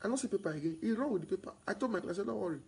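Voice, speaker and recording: In this real estate sales broadcast, a Nigerian-accented man talks rapid-fire in a high, creaky, slightly rough voice, captured on poor audio. As he works himself up he becomes loud and excited, repeating himself and weaving Pidgin through his English for his viewers.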